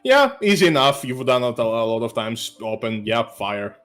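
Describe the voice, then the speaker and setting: A man's voice: medium pitch, sing-song, moderate pace, a bit bright, soft background music. A man narrating as game master of a tabletop game, laid-back and joking.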